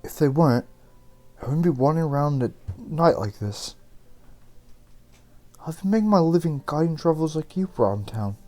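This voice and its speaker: A man voicing a gentle young orphan girl who guides travelers in a game, speaking in a sweet, high, polite voice. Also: animated, moderate pace, long pauses, faint music behind, natural voice. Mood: friendly, sad.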